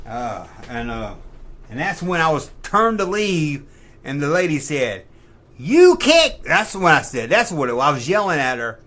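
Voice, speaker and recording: A man's voice: a little high, expressive, moderate pace, pushed and bright. A middle-aged man hosting a live stream, casually telling rambling, profane anecdotes and correcting himself as he goes. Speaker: livestream host.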